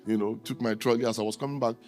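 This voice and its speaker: A middle-aged male pastor from Nigeria, preaching a sermon in storytelling mode and acting out the dialogue with sudden high leaps in his voice. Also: rapid-fire, faint music behind. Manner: animated, acts out dialogue with sharp rises in pitch.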